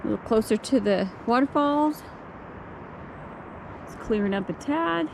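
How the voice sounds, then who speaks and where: Older lady chatting on a trail hike, pointing stuff out, camera mic, rushing water noise behind. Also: fairly high pitch, expressive, creaky. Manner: chatty, points out sights as she walks. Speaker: vlogger. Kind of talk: casual hiking vlog narration. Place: outdoor forest trail by roaring water.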